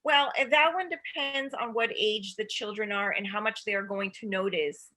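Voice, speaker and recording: Female guest expert, bright tone, practical parenting advice with role-played lines. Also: medium pitch, normal speed. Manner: acts out child and parent voices. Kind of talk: advice talk.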